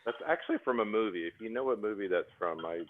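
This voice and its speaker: Low-voiced joker on a tinny line. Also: male voice, lively intonation, fast talker. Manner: laid-back, fond of corny jokes. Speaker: co-host and scorekeeper. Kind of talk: casual joking chat. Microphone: video call. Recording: tinny phone-like line with faint noise.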